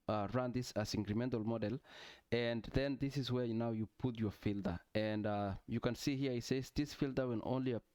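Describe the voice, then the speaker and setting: A man's voice: medium pitch, darkish tone, clean tone, dry recording. Man explaining a tech tutorial. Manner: explanatory, frequent "okay" and "uh" fillers. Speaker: tutorial instructor. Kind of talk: screen-share tech tutorial.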